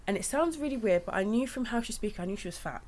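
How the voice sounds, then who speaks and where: A young woman chatting casually, telling her birth stories in a lively, storytelling manner. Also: medium pitch, rapid-fire. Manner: chatty storytelling, animated when retelling. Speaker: new mother. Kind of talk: casual chat.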